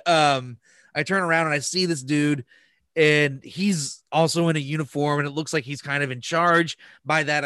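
Casual podcast host, a man with a sharp, dry voice who tells stories with lots of swearing. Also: a little high, dry recording. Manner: profane, rambling with restarts. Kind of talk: casual storytelling chat.

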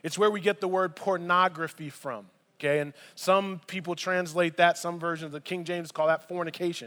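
High-voiced male preacher in a reverberant hall. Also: a little fast, hardly any pauses. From United States. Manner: animated, conversational preaching with asides. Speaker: pastor. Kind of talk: sermon.

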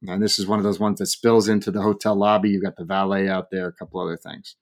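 A man's voice: low-pitched, fast talker. A man telling a funny story in casual talk, acting out the people he quotes and laughing as he goes. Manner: animated, acts out quoted people, laughs often.

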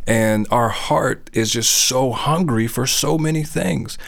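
A man's voice: mid-range voice, slow pace, gravelly, fairly bright tone. A middle-aged man speaking about faith in an earnest, conversational way. He keeps checking in with his listener as he talks. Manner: earnest, conversational, often asks "you know what I'm saying?". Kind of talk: casual faith talk.

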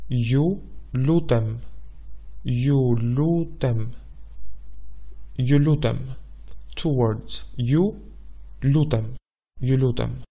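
A man teaching a language lesson, repeating each word slowly and patiently for learners. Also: mid-range voice, warm tone. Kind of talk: slow spelled-out language lesson.

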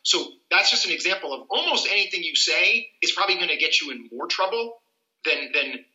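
A man explains legal rights on a podcast with earnest energy, acting out little scenes as he goes. His voice is very bright and sits a little high. The room around him rings with echo. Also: expressive, fairly quick, dull audio. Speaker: civil rights attorney, guest.

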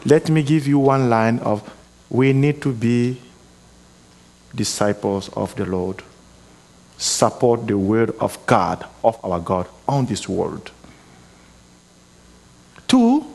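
A man with a foreign accent preaching a sermon, earnest and exhorting, often pausing with hesitations and restarting his words. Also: mid-range voice, animated, creaky, a little mellow. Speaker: guest preacher.

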